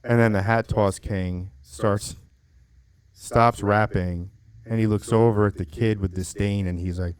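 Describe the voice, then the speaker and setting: A man co-hosting a podcast, telling animated stories and acting out quotes in casual chat. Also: fairly low pitch, a little slow, a little hiss or hum. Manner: animated storytelling, swears, acts out quotes. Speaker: podcast co-host.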